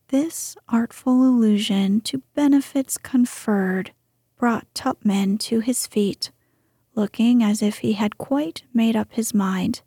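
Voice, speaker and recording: Woman narrator for a storybook, soft and unhurried, husky mellow tone, dry close mic. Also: fairly high pitch, no echo. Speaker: audiobook narrator. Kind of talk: storybook reading, much of it whispered.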